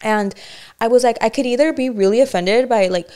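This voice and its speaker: A woman's voice: on the high side, a little fast, warm tone, clean tone. Candid young woman chatting on a podcast. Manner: candid, rambling, self-reflective with many restarts. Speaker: podcast co-host. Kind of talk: casual chat.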